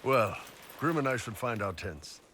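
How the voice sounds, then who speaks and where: A man voicing a soldier and commander in a video game, speaking in a steady, assured way. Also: mid-range voice, a little slow, a little hiss or hum. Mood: casual. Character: gruff male soldier and commander.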